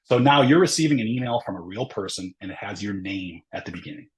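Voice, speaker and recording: A man's voice: on the low side, expressive, quick pace, low-quality recording. A man presenting a webinar lesson, explaining step by step in a conversational way and often checking in with "right?" between points. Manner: conversational, frequent "right?" tag questions; explains step by step with ums and uhs. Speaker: workshop presenter. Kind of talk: webinar lecture.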